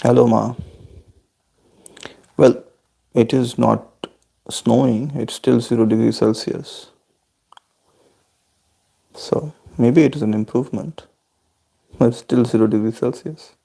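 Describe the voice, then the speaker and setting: Man vlogging a family video call; deep fry, husky, steady and courteous. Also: takes it slowly, pauses often. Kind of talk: casual chat answering family questions.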